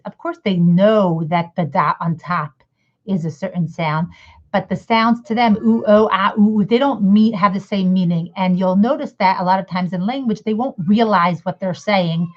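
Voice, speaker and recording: Chatty woman teaching, slightly lo-fi. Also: mid-range voice. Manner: chatty, rambling, acts out mock dialogues. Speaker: educator. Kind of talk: casual spoken lesson. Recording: slightly dull lo-fi audio.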